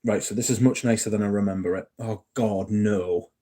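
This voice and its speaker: A man's voice: on the low side, fairly even intonation, brisk, dark tone. A young man hosting a casual live stream, chatting in a jokey way and reading out messages from the chat. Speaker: livestream host.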